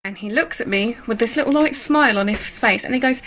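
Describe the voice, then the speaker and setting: A woman's voice: on the high side, a little fast, fairly bright tone, low-quality recording. A mother telling a creepy story about her son in a wry, chatty, disbelieving way. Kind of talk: casual storytelling to camera.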